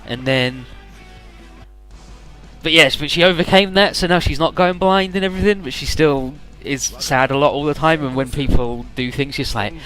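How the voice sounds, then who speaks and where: Bright-voiced rambling let's-play man. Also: a little high, moderate pace, soft background music. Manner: rambling, jokey, swears, acts out characters. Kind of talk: casual game commentary.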